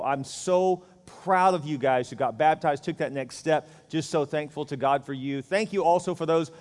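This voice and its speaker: A man pastor giving a conversational, joking sermon full of rhetorical questions. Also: a little high. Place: church sanctuary. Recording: church hall reverb.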